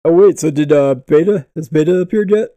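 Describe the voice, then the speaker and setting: Man, dark mellow tone, dry close sound, wisecracking co-host. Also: on the high side, a little fast, dry recording. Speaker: podcast co-host. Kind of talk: casual chat.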